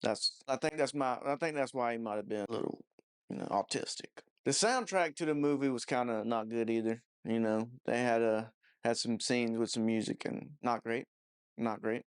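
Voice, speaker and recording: A man's voice: medium pitch, normal speed, clear, resonant tone. Profane, mocking man ranting about a movie. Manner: profane, mocking, rambling with many fillers. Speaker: movie reviewer. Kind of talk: casual movie review rant.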